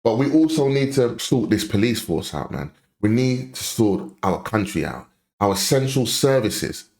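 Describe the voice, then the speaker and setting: A man's voice: medium pitch, big pitch swings, normal speed, gravelly, a little mellow. Blunt impassioned man ranting. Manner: blunt, impassioned, repeats points for emphasis. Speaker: commentary host. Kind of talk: opinion rant reacting to a clip.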